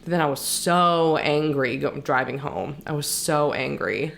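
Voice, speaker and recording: A woman co-hosting a podcast, speaking reflectively and haltingly about a personal experience. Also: deep voice, gravelly, fairly bright tone, slight background noise. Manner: reflective, halting, with many restarts. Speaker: podcast co-host. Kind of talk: candid personal conversation.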